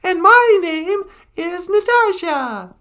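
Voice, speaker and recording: A man voicing a sassy, mocking ventriloquist-dummy girl in a shrill, squeaky, bossy, teasing voice. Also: expressive, takes it slowly, bright, forceful tone, heavily acted.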